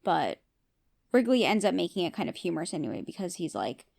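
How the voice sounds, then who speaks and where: A woman's voice: on the low side, very animated, a little fast, gravelly, darkish tone. A woman hosting a podcast who recaps a TV episode in a casual, opinionated way and often asks her listeners questions. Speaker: podcast host.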